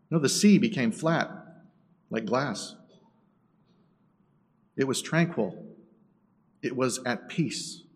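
A man preaching a sermon, dropping to a hush and rising to loud bursts. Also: mid-range voice. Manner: dramatic swings between hushed and loud. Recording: echoey hall from a distance.

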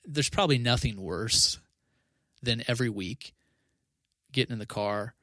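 A man's voice: mid-range voice, a little slow, pushed and bright, no echo, studio quality. A man who is a pastor, talking earnestly in a casual podcast conversation, often restarting and adding 'you know'.

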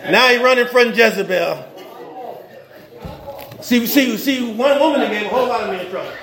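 A male pastor delivering a casual, humorous sermon full of slang, swinging between loud bursts and quiet asides. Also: very high voice, normal speed, echoey room. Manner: informal preaching with slang and humor, rising and dropping in intensity.

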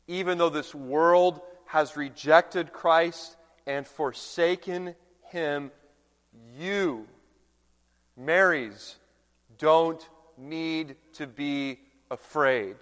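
A male pastor preaches a sermon in a slow, deliberate way, his fairly high voice dropping to a hush and then rising to loud proclamation. The sound carries a long reverb from a large church hall. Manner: dramatic, swinging from hushed to loud proclamation.

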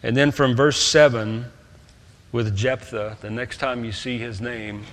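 A man preaching a sermon, swinging between loud, stressed points and quiet asides. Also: mid-range voice, fairly even intonation, measured pace, long reverb tail.

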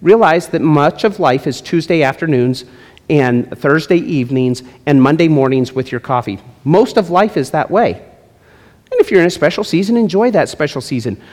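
A man's voice: a little high, lively intonation, moderate pace, darkish tone. A male pastor preaching a sermon in a church, with emphatic delivery and playful asides. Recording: long hall reverb.

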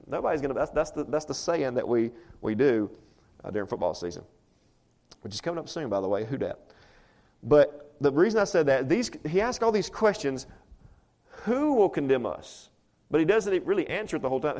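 Speaking to a congregation in church, a pastor with a slightly high but darkish voice delivers a chatty sermon. He talks conversationally and returns often to rhetorical questions.

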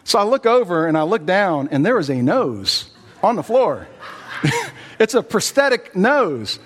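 A man's voice: sits high, sing-song, measured pace, a bit bright, big-room sound. A male pastor giving a sermon in a folksy, storytelling way with lots of "you know" fillers.

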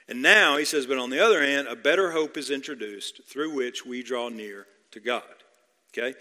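A man's voice: mid-range voice, bright, forceful tone. Preaching man in a reverberant hall. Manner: emphatic, repeats key phrases, asks the congregation questions. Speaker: pastor. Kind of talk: expository sermon.

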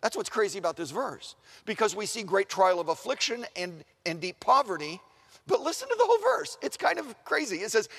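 A man preaching a sermon in an animated way, asking the room questions and acting out the voices he quotes. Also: high-pitched, fairly quick, gravelly, husky. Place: large chapel. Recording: long reverb of a large chapel.

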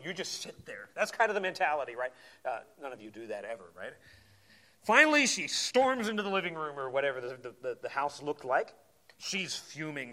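A man preaching a sermon in a conversational, animated way, often repeating words as he goes. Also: fairly high pitch.

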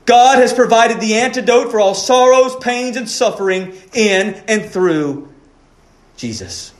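A man preaches a sermon in a high, earnest voice, pressing his listeners with pleading rhetorical questions. He speaks slowly and deliberately. His words ring out in an echoey church room. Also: expressive. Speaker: pastor.

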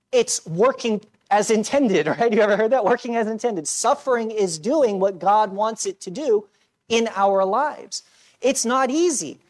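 Man preaching a casual sermon. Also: high voice. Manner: conversational preaching, self-deprecating humor, frequent "right?". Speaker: pastor. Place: church.

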